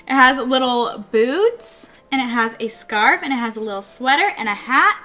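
Excitable high-voiced woman unboxing toys. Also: a little slow, faint music behind. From California, USA. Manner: excitable, gushing, talks to viewers. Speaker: vlogger. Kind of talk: casual unboxing vlog.

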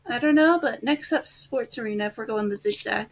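A woman's voice: fairly high pitch, a little fast. A young woman casually playing a dating game with a friend and reading its lines aloud, playful and giggly. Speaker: let's play host. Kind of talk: casual gameplay chat with read-aloud dialogue.

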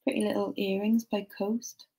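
A young woman casually chatting to a live stream while sorting jewellery, muttering soft asides to herself. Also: mid-range voice, flat delivery, normal speed, very noisy.

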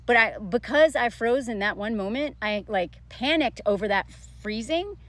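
A woman's voice: on the high side, expressive, normal speed, a bit bright, no room sound. A woman in her thirties telling a personal story in a rambling, emotional storytime vlog, full of restarts and fillers. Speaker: vlogger. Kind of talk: casual storytime monologue.

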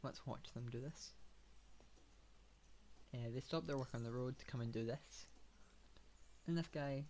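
A man talks his way through a building game in a mid-pitched voice, wandering from thought to thought with plenty of ums and hums. His remarks stay casual and laid-back, with dry, sarcastic asides. A faint hiss sits underneath. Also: a little slow, darkish tone. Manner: meandering, thinking aloud with many fillers. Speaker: gamer. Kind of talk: casual gameplay commentary.

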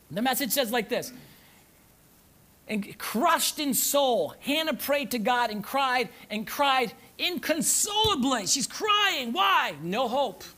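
A male pastor preaching a sermon in a church, reading scripture aloud and repeating phrases, swinging between loud urgent emphasis and low, soft asides. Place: church sanctuary.

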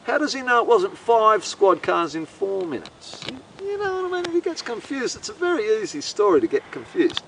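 A man's voice: high-pitched, very animated, fairly quick, creaky, hardly any pauses, far from the mic, a little hiss or hum, rough recording. A man with an Australian accent telling a meandering, profane, incredulous comic story. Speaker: host. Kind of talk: rambling comic monologue.

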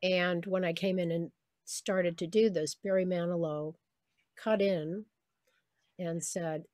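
A woman voice actress chatting on a video call, telling lively stories about her work and slipping into the voices of people she quotes. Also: on the low side, slow, no echo, studio quality. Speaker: voice actress guest. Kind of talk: casual interview on a video call.

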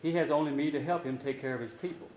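A man's voice: fairly high pitch, fast talker, darkish tone, echoey room, highs cut off, slight background noise, pitched above the performer's own voice, lightly acted. A man voicing a frightened young princess in a storybook, pleading anxiously.

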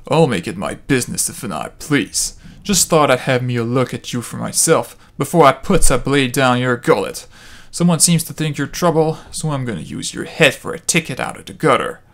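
A man's voice: medium pitch, lively intonation, moderate pace, hardly any pauses, lightly acted. A man reading a sneering young street thug assassin's lines in a slangy, taunting way. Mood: menacing.

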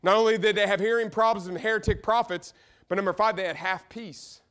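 Fervent high-voiced preacher. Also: male voice, fairly even intonation, brisk, clear, resonant tone. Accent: Midwestern American. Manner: fervent preaching with sudden loud outbursts and quiet drops. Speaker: pastor. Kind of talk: sermon. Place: church sanctuary.

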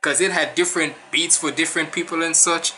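A Caribbean man with a Jamaican accent reacting to a rap cypher, excited and chatty, often breaking into laughs. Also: a little high, fairly quick. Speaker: reaction streamer.

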